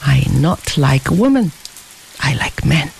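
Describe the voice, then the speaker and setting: A narrator voicing a gentle, loyal young man who speaks halting broken English in an audiobook story. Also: medium pitch, very animated, creaky, background noise, full character voice. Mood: earnest. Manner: halting broken English, simple plain phrasing. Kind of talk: audiobook character reading.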